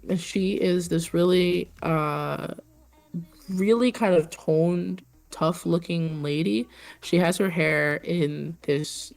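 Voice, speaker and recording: A woman's voice: sits low, vocal fry. A woman narrating as game master for a tabletop game, hesitant with many fillers.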